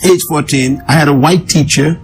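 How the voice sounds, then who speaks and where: A man's voice: on the high side, normal speed, soft background music, low-quality recording. Earnest man telling his life story. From an island nation. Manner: earnest, emphatic, repeats key words for weight. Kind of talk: storytelling interview.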